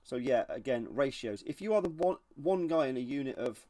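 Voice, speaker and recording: A man's voice: mid-range voice, animated, brisk, warm tone. A man hosting his channel, giving casual reaction commentary in a blunt, sarcastic and sweary way. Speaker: channel host reviewing reenactor videos.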